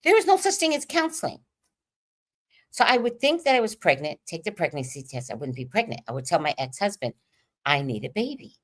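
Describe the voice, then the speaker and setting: A woman host telling a candid personal story on a livestream, animated and profane, swinging between loud emphasis and hushed asides. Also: mid-range voice, a little fast.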